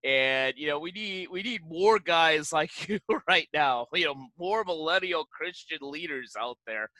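A man's voice: fairly high pitch, expressive, a little slow, sharp tone, no echo. A male podcast host who talks in a friendly, casual way, with many fillers and laughs mid-sentence. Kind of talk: casual interview talk.

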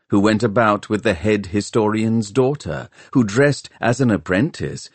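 A man reading a novel aloud as an audiobook narrator, in an expressive storytelling manner. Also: fairly low pitch, slightly rough, no room sound. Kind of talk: scripted narration.

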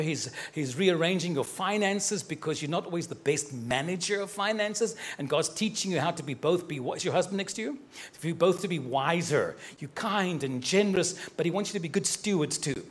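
A man preaching live and giving personal prophecies, speaking straight to people in the congregation in a fervent, affectionate way, joking and laughing as he goes. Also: fairly high pitch. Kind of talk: live prophetic sermon addressing individuals in the congregation.

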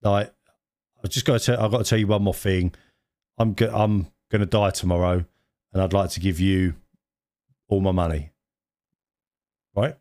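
A man co-hosting a podcast, chatting casually, animated and laughing often as he reacts. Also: sits low, normal speed, long pauses, no room sound, clean studio sound. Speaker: podcast co-host. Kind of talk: casual chat.

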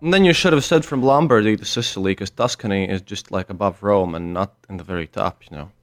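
A man chatting as a podcast guest over a voice call, halting and full of restarts, with a joking tone. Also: on the low side. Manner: halting, restarts often, jokey. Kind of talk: casual chat over a call.

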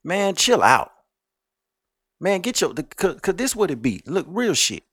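A man's voice: high voice, very animated, unhurried, a bit bright, husky, dry recording, studio quality. A man hosting a podcast, ranting at listeners in a blunt, profane, scolding way. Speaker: podcast host. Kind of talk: ranting monologue.

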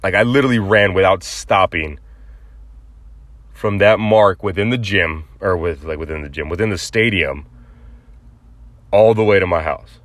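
Low-voiced man rambling through a story. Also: normal speed, long pauses, fairly bright tone, no room sound. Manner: rambling with many fillers and restarts. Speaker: podcast host. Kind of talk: casual storytelling.

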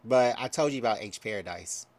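A man's voice: fairly low pitch, lively intonation, brisk, darkish tone. A man co-hosting a podcast, reserved and laid-back, giving short answers about his day. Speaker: podcast co-host. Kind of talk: casual chat.

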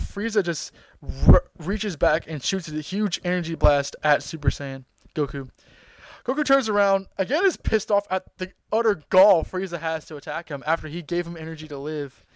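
A man's voice: on the high side, clear, resonant tone, no room sound, rough recording. Chatty man recapping a cartoon, dry sound. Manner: excited, rambling, many fillers and restarts. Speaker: podcast host. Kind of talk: casual episode recap.

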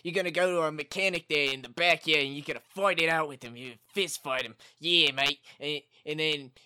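A man puts on a swaggering young car-lot assistant with a hammy fake Australian accent, tossing in "mate" at every turn. His voice sits a touch high and bright, loose and laid-back in an improvised comedy skit. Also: a little fast, clear, resonant tone. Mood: boastful. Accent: put-on Australian. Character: brash male car-dealer assistant, fake Aussie.

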